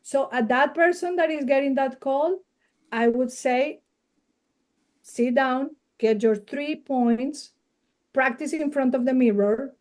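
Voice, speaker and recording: A woman's voice: sits high, darkish tone. Spanish-accented woman giving media advice. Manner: earnest, advising, laughs readily. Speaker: guest, media coach. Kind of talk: casual podcast interview.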